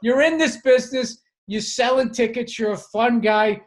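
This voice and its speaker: A man's voice: extremely high pitch, fairly even intonation, moderate pace. A man co-hosting a podcast, talking in a blunt, teasing, profane casual chat. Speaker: podcast co-host.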